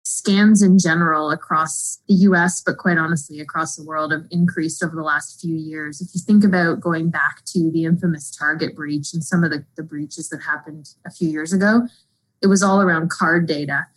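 A woman being interviewed as a fraud expert, speaking in an informative, steady way. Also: low voice, normal speed, low-quality recording. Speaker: guest, fraud executive.

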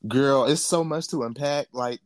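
A man co-hosting a podcast in casual chat, talking in an animated, profane way. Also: medium pitch, no echo, clean studio sound. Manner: animated, profane, quick to laugh. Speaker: podcast co-host.

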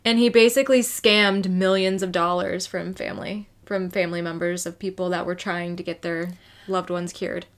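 A woman's voice: fairly low pitch, fairly even intonation, moderate pace. Casual woman telling a crime story. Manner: casual, swears freely, storytelling. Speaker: podcast co-host telling a true crime story. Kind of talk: casual true crime podcast chat.

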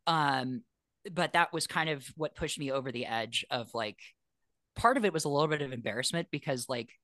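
A man's voice: medium pitch, moderate pace, no echo, studio quality. A man, an airline pilot, telling his story in a casual interview, frank and self-deprecating and acting out the voices he quotes. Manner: animated, acts out quoted voices.

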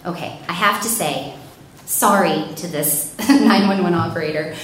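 A woman telling a personal story in a lively way, acting out panicked quotes. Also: on the low side, measured pace. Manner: animated, acts out panicked quotes. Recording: very echoey room, faint noise.

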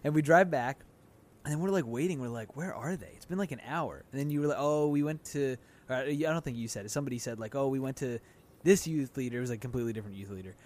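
A young man co-hosting a casual podcast chat, telling a story with lively acted-out quotes. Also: medium pitch, fast. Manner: animated storyteller, acts out quotes loudly. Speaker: podcast co-host.

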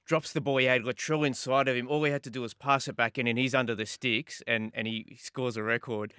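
A man co-hosting a sports radio show, briskly retelling a play. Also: mid-range voice, fairly even intonation, sharp tone, smooth, no room sound, clean studio sound.

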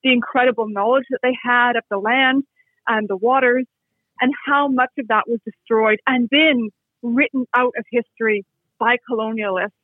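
A Canadian author appears as a guest in a reflective interview, his voice very high-pitched with a steady tone and a moderate pace. He speaks thoughtfully, often restarting his sentences. The recording is dry and sounds tinny, like a phone line.

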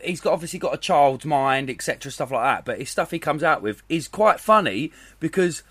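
A man's voice: a little high, animated, a bit bright, breathy edge. A young man, co-hosting a podcast in rambling, sweary casual chat. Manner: rambling, swearing, quick to laugh. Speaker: podcast co-host.

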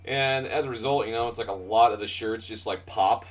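A man's voice: on the low side, brisk. Rambling, laughing male co-host, off-mic. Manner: rambling, laughs a lot, fillers and swearing. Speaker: podcast co-host. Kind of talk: casual podcast banter. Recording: distant from the mic.

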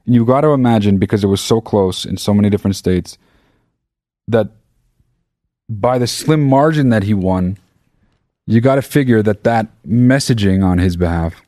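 A man's voice: on the low side, normal speed, pauses often, no room sound, clean studio sound. A man hosting his own podcast, telling a story in a loose, rambling, profane way. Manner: profane, rambling, animated retelling. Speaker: podcast host. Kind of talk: casual storytelling monologue.

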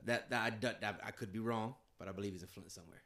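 A man's voice: fairly low pitch, quick pace, fairly bright tone. A man co-hosting a casual, joking chat, laughing often and slipping into playful voices.

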